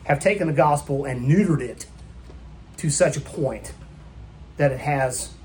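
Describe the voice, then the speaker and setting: Male pastor, sermon, slightly raised pitch, emphatic, questions the congregation. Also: measured pace, darkish tone, a little hiss or hum. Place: church.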